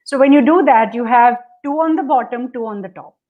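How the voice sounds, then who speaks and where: A woman's voice: a little high, fairly quick, phone-quality sound. A woman coaching on relationships, dictating step by step over a video call and acting out the attitudes she describes. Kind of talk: instructive conversation.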